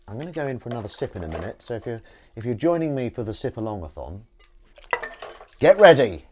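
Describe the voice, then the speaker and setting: A man's voice: on the low side, a little mellow. A man hosting a casual stream from his home kitchen, chatting and joking with viewers as he washes up. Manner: chatty and rambling, jokey asides to viewers. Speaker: host washing dishes on a livestream. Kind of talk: casual chat while washing up. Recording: dish clatter and water noise. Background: clinking dishes and cutlery.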